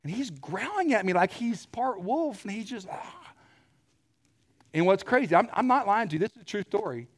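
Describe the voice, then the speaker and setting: A middle-aged man preaching a sermon, telling stories with animated energy and clearing his throat often. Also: sits high, a little fast, hardly any pauses.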